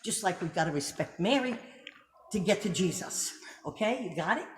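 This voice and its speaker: A middle-aged woman with a voice on the low side hosts a casual religious commentary, animated and at a moderate pace. She talks emphatically and fires off rhetorical questions to check that you're following, in an echoey room with background noise.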